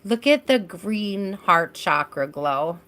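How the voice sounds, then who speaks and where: A woman's voice: medium pitch, lively intonation, slow pace, fairly bright tone. A woman hosting a live tarot reading stream, chatting casually and addressing viewers by name as she reads.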